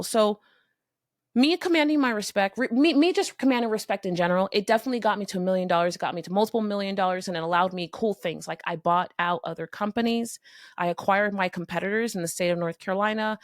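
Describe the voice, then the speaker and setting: A middle-aged podcast host from Miami, Florida delivers a candid, animated motivational monologue straight to the listener, swearing now and then. Her medium-pitched voice has a gravelly fry, recorded close and dry with no echo.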